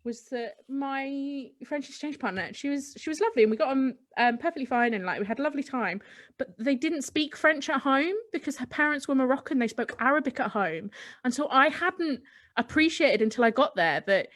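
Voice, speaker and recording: A young woman with a fairly high voice chats as a podcast co-host. She teases her friends and jumps in with playful jokes. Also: expressive, brisk, fairly bright tone. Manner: teasing, giggly interjections. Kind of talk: casual chat.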